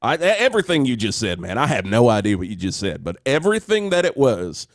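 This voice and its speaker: A man's voice: medium pitch, wildly swooping pitch, fast talker, no echo, clean studio sound. A man playing a folksy, rambling trucker who fills in as a radio host in an improvised comedy parody, easily sidetracked.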